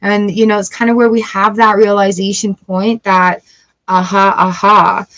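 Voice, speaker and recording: A woman giving a casual tarot reading, chatty and encouraging, with lively outbursts. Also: mid-range voice, normal speed, rough recording. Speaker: tarot reader.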